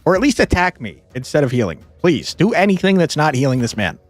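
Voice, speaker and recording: Guy streaming a card game, voice jumps all over, cussing and griping, some music low in back. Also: sing-song, a little fast. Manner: exasperated, swearing, laughing often. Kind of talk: casual gameplay commentary.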